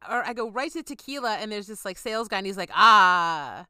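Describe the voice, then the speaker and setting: Bright-voiced playful woman podcast host. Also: on the high side, rapid-fire, no room sound, studio quality. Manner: playful, joking, quotes people in put-on voices. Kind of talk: casual chat.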